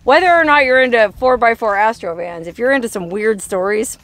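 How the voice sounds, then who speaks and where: A woman's voice: fairly high pitch, fairly quick, a bit bright. A woman hosting a vlog, chatting casually and teasing her friend in a playful way. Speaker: vlog host. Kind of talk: casual chat.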